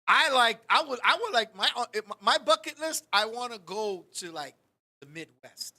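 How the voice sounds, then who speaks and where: High, sharp-toned joking man. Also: normal speed. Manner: profane, animated, joking. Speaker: podcast host. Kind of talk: comic storytelling on a talk show.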